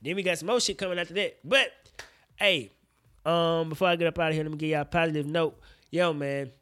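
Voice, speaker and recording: A man in his thirties co-hosting a casual podcast, talking about movies in an animated, slangy, profane way. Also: fairly high pitch, a little fast, clear, resonant tone. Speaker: podcast co-host.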